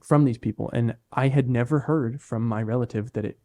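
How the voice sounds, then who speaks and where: A young man co-hosting a podcast, telling a story in relaxed, self-deprecating casual chat. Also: medium pitch, a little fast. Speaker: podcast co-host.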